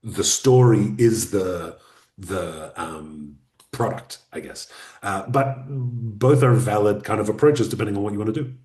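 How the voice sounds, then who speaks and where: A man as guest on an online webinar interview, explaining podcasting in a relaxed, practical way. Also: lowish voice, unhurried, echoey room. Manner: relaxed, explanatory advice-giving.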